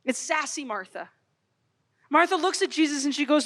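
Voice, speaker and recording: A woman in her thirties giving an expressive, storytelling talk to a youth conference, swinging from loud to hushed. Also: high-pitched, normal speed, long reverb tail. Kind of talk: animated Catholic youth talk. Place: large hall.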